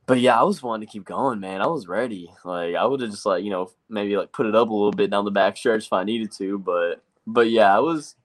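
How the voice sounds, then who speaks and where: Young male driver guest, lowish voice, loose rambling delivery packed with "like" and quoted self-talk. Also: fairly quick, few pauses. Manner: rambling, quotes himself with lots of "like". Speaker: race truck driver guest. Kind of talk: casual interview storytelling.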